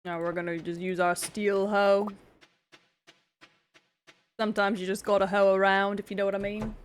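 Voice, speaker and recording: A woman's voice: mid-range voice, little pitch movement, normal speed. A woman live streaming a video game, chatting casually with her viewers in a playful, teasing way. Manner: playful and teasing, talking to chat. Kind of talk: casual gaming stream chat.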